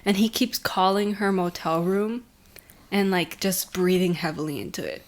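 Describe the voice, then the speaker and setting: A woman co-hosting a podcast, retelling a horror episode in a casual, animated way with lots of "like". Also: fairly low pitch. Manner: animated retelling, says "like" often, quick laughs. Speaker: podcast co-host. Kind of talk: casual chat.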